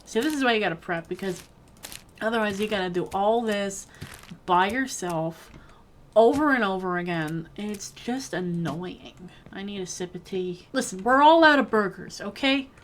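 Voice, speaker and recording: This woman talks at a normal speed in a medium pitch, with a slight hiss or hum in the recording. She's a gaming video creator rambling casually while she plays, addressing herself and the game's characters with jokey, mock-bossy outbursts.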